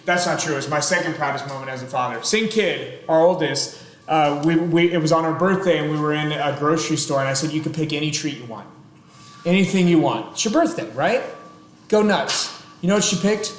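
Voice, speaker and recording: A man in his thirties lectures a chemistry class with dry, sarcastic humor, breaking off into chatty asides to his students. His voice sits a little high for a man. The classroom is very echoey, with a faint hum of room noise behind him. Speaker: chemistry teacher.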